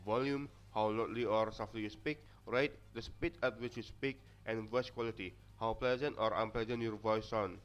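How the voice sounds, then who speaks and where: Hardly pausing, a young Indonesian-accented man reads his class presentation from notes at a moderate pace, though he frequently stumbles and restarts. His voice is on the low side with fairly even intonation, and Indonesian is his first language. The recording is dull and lo-fi.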